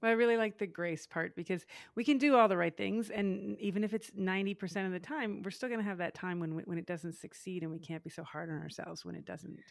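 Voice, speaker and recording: A woman hosting an interview, asking questions and joining in with gentle laughs. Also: medium pitch, steady tone, quick pace, gravelly, few pauses, dry recording, clean studio sound. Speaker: podcast host.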